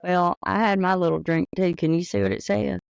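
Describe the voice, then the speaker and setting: Southern woman teacher co-host, smooth with some fry, relaxed chatty. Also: lowish voice, a little fast, no echo. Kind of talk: casual chat.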